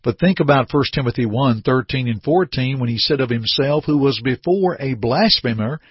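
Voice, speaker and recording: A man's voice: mid-range voice, normal speed, slightly rough, dry recording, lo-fi sound. A man preaching an earnest radio sermon, acting out short everyday scenes to make his point. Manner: earnest, animated preaching with acted-out little scenes.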